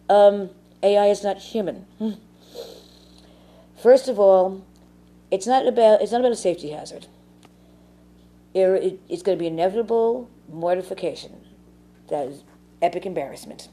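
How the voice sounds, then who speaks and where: A woman's voice: mid-range voice, moderate pace, pauses often, mellow. A woman ranting casually to camera in a rambling, profane way, full of fillers. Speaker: vlogger.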